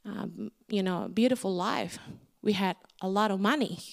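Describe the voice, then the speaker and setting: A middle-aged woman, a guest speaker telling her story in an animated sermon with big swings in pitch. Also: normal speed, creaky. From Indonesia.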